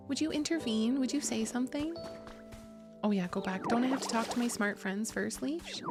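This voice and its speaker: A woman talks loosely to her viewers while she plays a game, giggling and restarting her sentences. Her voice has a gravelly, fry-tinged edge, and her pitch sits in an ordinary middle range. Game music plays clearly underneath her. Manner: chatty, giggly, rambling with restarts. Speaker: streamer. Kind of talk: casual gaming stream chat.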